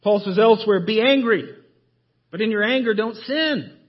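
A man preaching a sermon in a church, emphatic and full of rhetorical questions, often dropping his voice low to stress a point. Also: moderate pace, breathy edge, muffled recording. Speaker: pastor. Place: church sanctuary.

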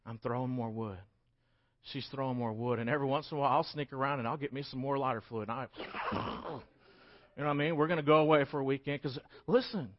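A man, preaching a sermon and acting out scripture in lively voices. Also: medium pitch. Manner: animated, acts out scripture voices. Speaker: pastor. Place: church sanctuary. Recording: dull lo-fi church recording.

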